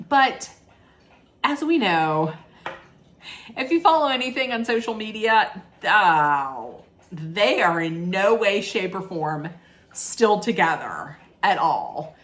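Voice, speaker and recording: A woman's voice: medium pitch, a bit bright. A woman recapping a reality show in a chatty, sarcastic way, with laughing asides. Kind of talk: casual chat recap.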